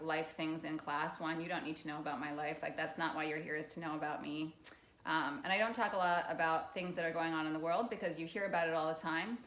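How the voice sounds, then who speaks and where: A woman in her thirties, a yoga instructor, giving gentle movement and breathing cues in a live class with chatty, candid asides. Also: low-pitched. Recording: roomy sound from a distance from the mic.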